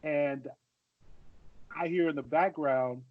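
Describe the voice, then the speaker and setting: Man, 40s, podcast storyteller with a fairly high voice, dull dry lo-fi audio. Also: normal speed, dry recording. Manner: anecdotal, repeats and restarts phrases. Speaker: podcast co-host, former football player. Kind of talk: casual storytelling chat.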